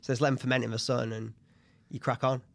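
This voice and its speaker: A man's voice: mid-range voice, level tone, fast talker, gravelly. A man in his thirties co-hosting a podcast, chatting casually and telling anecdotes. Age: 30s. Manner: chatty, tells anecdotes, puts on voices in quotes. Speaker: podcast co-host. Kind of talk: casual chat.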